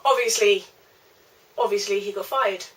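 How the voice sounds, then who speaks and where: A woman's voice: mid-range voice, moderate pace, distant mic, poor audio. A young woman telling a rambling storytime vlog, chatty, with lots of fillers. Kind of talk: casual storytime.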